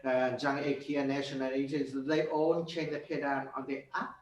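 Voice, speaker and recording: A man's voice: mid-range voice, level tone, recorded from a distance. Man, piano teacher in a master class, hesitant delivery, sings phrases, heard from afar in a roomy hall with piano. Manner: halting, simple phrasing with many fillers, sings phrases.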